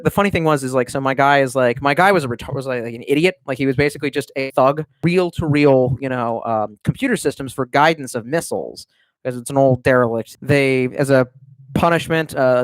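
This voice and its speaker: A man's voice: mid-range voice, fairly quick, clear, resonant tone, dry recording. Streamer, adult man, loose and profane, talks from home with a dry, close sound. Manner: rambling and profane, with many restarts. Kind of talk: casual livestream chat.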